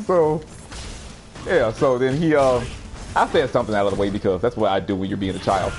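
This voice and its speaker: A young man streaming a fighting game, telling a rowdy story in a casual, animated way with frequent laughter and sudden excited outbursts. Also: on the low side, fairly quick, faint music behind.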